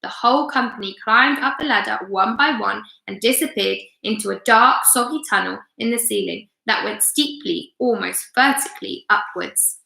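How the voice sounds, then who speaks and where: A woman teacher reads a children's chapter book aloud with expressive storytelling. Her voice is bright and fairly high, with a creaky edge, recorded in an echoey room. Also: moderate pace, hardly any pauses. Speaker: primary school teacher.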